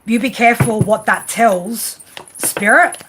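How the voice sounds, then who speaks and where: Over some background noise, a woman with a slightly high voice reads tarot live at a measured pace. Her delivery is casual, blunt and repetitive, full of tag questions like "right?" She comes across as affectionate while still cursing.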